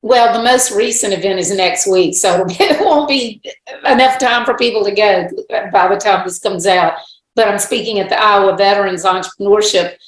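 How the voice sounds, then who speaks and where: A woman's voice: mid-range voice, normal speed. A woman guest on a podcast, talking frankly and agreeably in a casual interview. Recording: echoey room.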